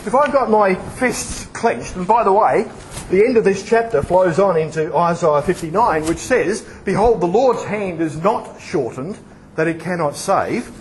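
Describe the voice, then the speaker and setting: High-voiced man preaching to a congregation. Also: measured pace, slight background noise, poor audio. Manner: lively, asks the audience questions and acts out examples. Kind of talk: sermon.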